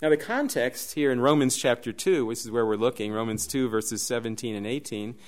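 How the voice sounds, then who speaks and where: A man preaching a sermon, telling stories in an animated, lively way. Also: medium pitch, fairly quick. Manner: animated storyteller, shouts and laughs in the dramatic parts. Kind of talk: sermon with storytelling.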